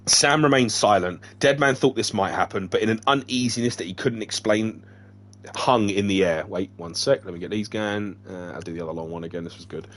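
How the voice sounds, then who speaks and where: Guy reading a book out loud on stream, kinda low voice, trips on words, cracks jokes. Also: a little fast. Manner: stumbling reading with joking asides. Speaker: streamer reading a novel aloud. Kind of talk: casual read-aloud with asides.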